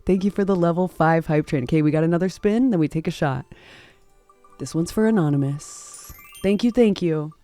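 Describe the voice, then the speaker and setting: Bubbly woman streamer with a mellow voice. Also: fairly low pitch, moderate pace, soft background music. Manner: bubbly, gushing, laughs often. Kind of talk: live-stream chat, thanking viewers.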